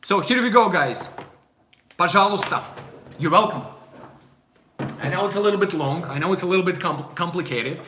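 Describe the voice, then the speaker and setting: Man, Russian accent, high lively voice, bright tone, echoey room, playful casual teaching. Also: normal speed, pauses often, a little hiss or hum. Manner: animated, playful, puts on voices in anecdotes. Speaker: language teacher. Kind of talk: casual language lesson.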